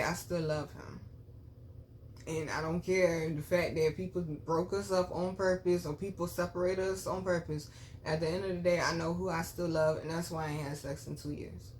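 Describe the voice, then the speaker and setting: A woman vlogger telling her own story to viewers, blunt and full of swearing, dropping to low murmurs and then bursting out loud. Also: a little hiss or hum. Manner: blunt, profane, animated storytelling. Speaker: spiritual reader and vlogger. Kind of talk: candid storytime chat to viewers.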